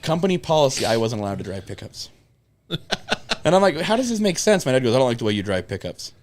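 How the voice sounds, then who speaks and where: A man's voice: medium pitch, quick pace. A young man on a podcast telling road stories in casual chat, cursing freely and acting out what people said. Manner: animated storyteller, swears freely, acts out quotes. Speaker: podcast co-host.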